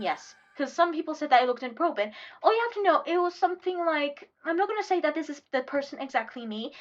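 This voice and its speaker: A young woman with a high, light voice rambles casually while drawing on stream, chatty and easily sidetracked, half talking to herself. Music plays clearly beneath her throughout. The sound is lo-fi, and it's a relaxed, unscripted chat.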